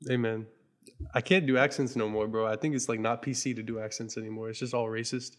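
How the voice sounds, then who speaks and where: A man rambling in casual podcast chat, hesitating and restarting as he goes. His voice is an everyday middle pitch. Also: steady tone, fast. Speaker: podcast co-host.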